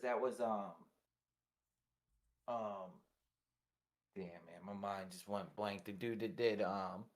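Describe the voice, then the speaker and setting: A man's voice: fairly low pitch, fairly even intonation, slow pace, pauses often. A man chatting casually on a stream in slangy talk, calling his friends bro. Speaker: stream guest. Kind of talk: casual chat.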